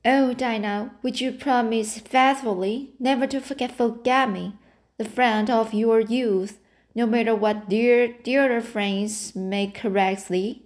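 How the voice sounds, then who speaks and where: A woman's voice: a little high, steady tone, slow. A woman reading the lines of a dramatic, romantic young girl, breathless and theatrically tearful.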